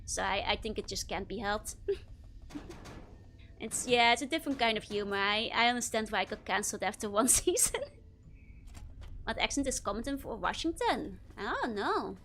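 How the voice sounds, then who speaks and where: A woman's voice: a little high, expressive, normal speed, long pauses, fairly bright tone, a little hiss or hum. A young woman with a Dutch accent chatting casually while playing a game, laughing often as she answers her chat. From Netherlands. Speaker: streamer.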